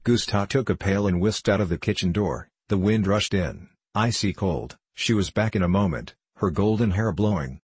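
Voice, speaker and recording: A man narrating a novel as an audiobook, reading in a steady, measured way. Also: low-pitched, husky, dry recording.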